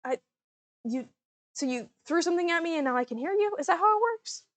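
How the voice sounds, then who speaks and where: A woman playing a flustered, kind young tavern woman in improvised tabletop role-play, stammering out quick questions. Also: very high voice, lively intonation, voice pushed up.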